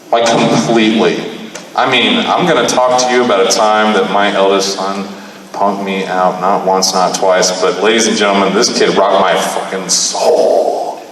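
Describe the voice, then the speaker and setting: A man in his thirties delivers a profane, animated stand-up story and jumps into the voices of the people in it. The live recording picks him up from some distance in a hall with a long, heavy echo. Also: deep voice, moderate pace, a little hiss or hum. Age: 30s. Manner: profane, animated, acts out dialogue. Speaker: stand-up comedian. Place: live comedy venue. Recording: echoey room, mic far off.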